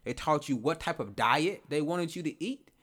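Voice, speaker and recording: Man, podcast host, rambling monologue, rhetorical questions, slightly high voice. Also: animated, normal speed, a bit bright. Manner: rambling, repeats and restarts phrases, asks rhetorical questions. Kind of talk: casual reflective monologue.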